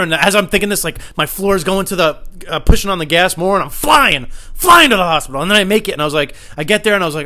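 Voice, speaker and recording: A young man telling a comedic story in a rambling, anxious way, swearing often and building up to shouts. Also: a little high, very fast.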